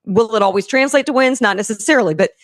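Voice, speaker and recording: A woman co-hosting a casual motorsports radio talk show, lively and agreeable. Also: on the high side, quick pace, no echo, clean studio sound.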